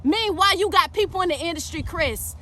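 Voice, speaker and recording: A woman's voice: very high voice, expressive, fairly quick, bright, forceful tone, a little hiss or hum. A woman preaching with fire, emphatic and direct, calling her listeners baby. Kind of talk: fiery preaching monologue.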